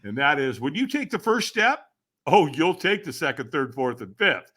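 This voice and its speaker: A man who is a guest on a podcast, telling a story dramatically and acting out the voices and shouts of the people in it. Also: a little high, sing-song, normal speed. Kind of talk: animated storytelling.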